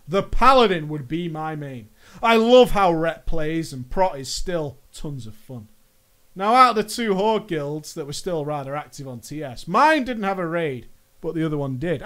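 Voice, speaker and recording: A young American man with a high voice tells a rambling gaming story. He talks in a playful, joking way and slows into drawn-out mock-dramatic phrases. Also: big pitch swings, a bit bright. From United States. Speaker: gaming vlogger. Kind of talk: casual storytelling monologue.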